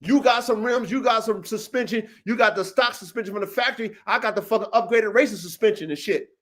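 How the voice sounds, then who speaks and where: A man's voice: sits high, fast, a bit bright. A man hosting a livestream podcast, talking in a profane, boastful, emphatic way and calling out listeners by name. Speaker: podcast host and dog breeder. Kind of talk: casual livestream podcast rant.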